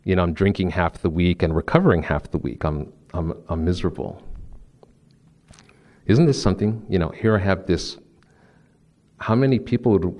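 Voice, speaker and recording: Guy from new jersey giving a spiritual talk at a podium, low voice, chatty and storytelling, keeps restarting his sentences. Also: a little mellow. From New Jersey, USA. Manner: conversational, storytelling, frequent restarts. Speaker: spiritual speaker. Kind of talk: live lecture with personal stories. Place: lecture room with podium.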